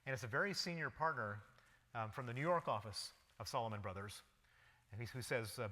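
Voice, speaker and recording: A guest lecturer speaks in a lecture hall, his medium-pitched voice a little fast and sharp as he vividly recounts a personal story in the present tense. The recording carries the hall's long reverb.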